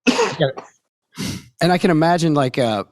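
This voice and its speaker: A man's voice: a little high, animated, measured pace, no room sound, studio quality. A man hosting a podcast, asking long, rambling questions full of fillers in a casual chat. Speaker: podcast host.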